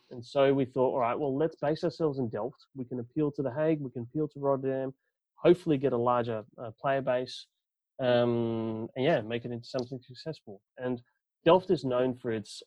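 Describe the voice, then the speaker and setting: This guest, a Dutch man from the Netherlands with a partly Australian accent, represents a club and chats casually on a podcast, rambling with many fillers. His voice is medium-pitched with a darkish tone. The recording is dry and the audio dull.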